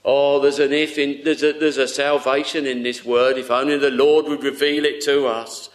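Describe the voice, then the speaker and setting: A man preaching a sermon in an earnest, tender way, often dropping to a hush. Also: medium pitch, flat delivery, moderate pace.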